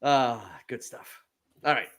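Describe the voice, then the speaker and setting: A man's voice: medium pitch, fairly even intonation, slow, a bit bright, smooth. A man telling a rowdy story from his youth on a casual podcast, swearing freely and laughing as he goes. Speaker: podcast co-host.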